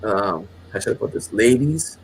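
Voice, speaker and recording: Gravelly guy rambling thru an old work story, lots of restarts, faint noise behind. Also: lowish voice, lively intonation, moderate pace. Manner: rambling, with many restarts and acted quotes. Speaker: channel host. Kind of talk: casual storytelling.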